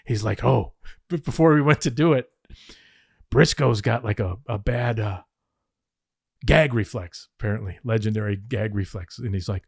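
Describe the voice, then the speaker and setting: A man's voice: on the low side, moderate pace, gravelly, darkish tone, breathy edge, dry recording. Man, casual storytelling, acts out quotes, swears, laughs a lot, dry close sound. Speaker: former wrestling head writer telling stories.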